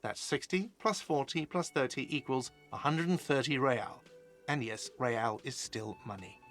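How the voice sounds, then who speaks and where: A man's voice: mid-range voice, unhurried, fairly bright tone, faint music behind, close to an everyday voice. An actor playing an irritable, sarcastic male hostel manager in a game, talking curtly. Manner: curt and sarcastic. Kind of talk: game voice acting.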